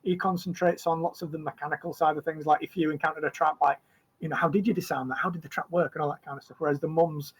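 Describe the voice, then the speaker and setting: Rambling game master. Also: male voice, a little high, steady tone, fast, husky, poor audio. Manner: rambling, full of fillers and restarts. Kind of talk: narrating a tabletop game.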